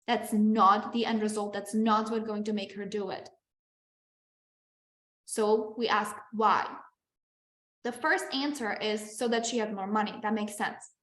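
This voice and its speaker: A woman's voice: medium pitch, steady tone, measured pace, pauses often, fairly bright tone, echoey room. A woman business coach teaching a live online masterclass over a video call. She talks in a chatty, encouraging way, often checking in with "okay?".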